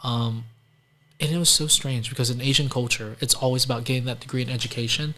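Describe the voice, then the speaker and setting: A man's voice: medium pitch, steady tone, fast, sharp tone. Chatty man telling stories, full of "like"s. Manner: chatty, heavy use of "like", acts out quoted people. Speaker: entrepreneur guest. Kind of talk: casual storytelling interview.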